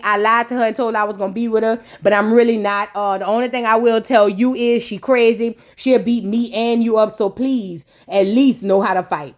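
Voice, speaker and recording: A woman voicing a smooth-talking man flirting with a woman and pleading offhandedly. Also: a little high, pitched below the performer's own voice, lightly acted.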